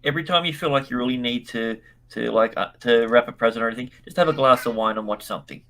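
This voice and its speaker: Man, podcast panelist, wry, stumbling restarts, mid-pitched voice, video call. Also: fast, fairly bright tone, slight background noise. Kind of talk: casual chat.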